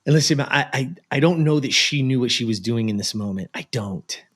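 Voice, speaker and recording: Male interview guest from the US, animated storyteller, average pitch. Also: brisk, slightly rough. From United States. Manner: animated, acts out the voices of people in his story. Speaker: guest, productivity and life coach.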